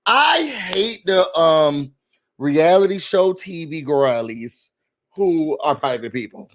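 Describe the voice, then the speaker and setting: A man recapping a reality show in a sassy, animated rant, talking straight to his viewers from a room indoors. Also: fairly high pitch, slow. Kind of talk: casual rant-style recap.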